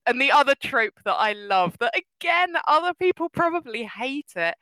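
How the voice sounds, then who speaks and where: A woman chatting casually as a podcast co-host, animated and laughing often, her voice jumping up when she gets excited. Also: high voice, moderate pace, no echo, low-quality recording. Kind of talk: casual chat.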